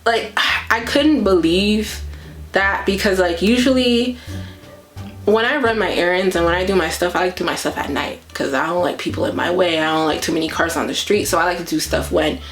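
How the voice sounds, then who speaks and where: A woman's voice: lowish voice, a little fast, roomy sound, faint music behind. A woman vlogger casually telling a story, acting out her own reactions as she goes. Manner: animated retelling that acts out her own reactions.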